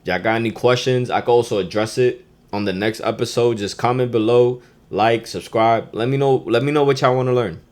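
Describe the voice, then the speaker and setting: A man hosting his own podcast, giving a casual, slangy lesson and calling out Spanish phrases with loud emphasis. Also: medium pitch, brisk. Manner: laid-back street slang. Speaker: podcast host.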